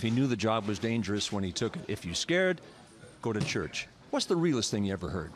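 A man doing a playful, brisk TV sports interview. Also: lowish voice, lively intonation. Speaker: sideline TV interviewer. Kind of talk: broadcast interview. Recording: archive TV clip, arena crowd behind.

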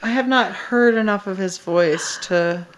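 A woman's voice: medium pitch, measured pace. A woman co-hosts a loose, casual podcast chat. She talks bluntly, swears freely and pushes her points with emphasis. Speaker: podcast co-host.

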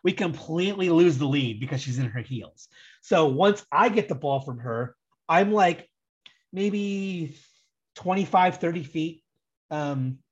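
A man's voice: on the high side, unhurried, breathy edge, muffled recording. A young American man telling a long story in a casual, rambling way, full of "like" and restarts, as a guest on a soccer fan podcast. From United States. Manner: rambling, animated, heavy use of "like".

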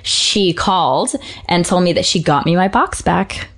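A woman's voice: fairly low pitch, expressive, a little slow, fairly bright tone. A woman guest on a podcast, telling a story in a rambling way with lots of fillers. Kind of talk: casual chat.

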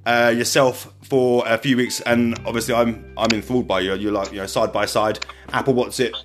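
A man's voice: mid-range voice, little pitch movement, normal speed, faint music behind. A man hosting a podcast in a casual, rambling way, restarting his sentences often and keeping the interview moving. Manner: chatty and rambling, many restarts. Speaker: podcast host.

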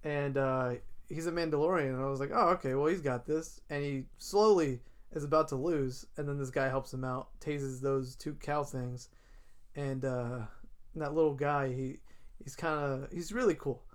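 A man in casual chat, recapping a TV episode and acting out characters' lines in quick asides. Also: medium pitch, fairly even intonation, clear, resonant tone.

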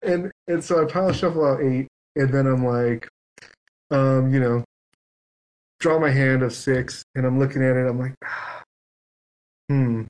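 A man's voice: mid-range voice, fairly even intonation, moderate pace, darkish tone, rough recording. A man on a podcast telling a long story in casual chat, acting out both sides of it. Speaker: guest.

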